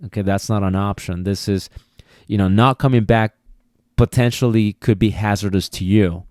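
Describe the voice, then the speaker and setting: With a lowish, a little mellow voice and fairly even intonation, a man hosts a dog training podcast at normal speed. He explains in a casual, repetitive way and sometimes acts out commands. Recorded on a podcast mic, the sound is dry and clean, studio style.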